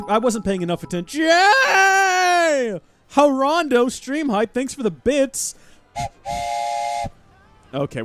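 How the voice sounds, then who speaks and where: Animated chatty male game streamer. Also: mid-range voice. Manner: chatty and animated, thanking chat mid-game. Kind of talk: live gameplay commentary.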